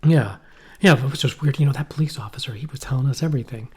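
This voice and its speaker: A man's voice: medium pitch, racing, husky. A middle-aged man co-hosting a podcast, telling rambling stories with swearing and acted-out quotes. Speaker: podcast co-host. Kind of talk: casual chat. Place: cold shack.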